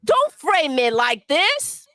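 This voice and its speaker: Very high-pitched woman ranting scornfully. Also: big pitch swings, slow, sharp tone, no echo. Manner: scornful, swearing, mocks with put-on voices. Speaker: livestream segment voice. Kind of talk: profane angry rant.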